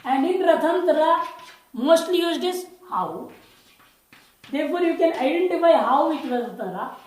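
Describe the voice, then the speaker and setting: Woman teaching scripture, bit high voice, repeats stuff patiently, echoey room. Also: lively intonation, normal speed, a little mellow. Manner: explains patiently, repeating key words and chanting Sanskrit lines. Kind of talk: lecture on scripture.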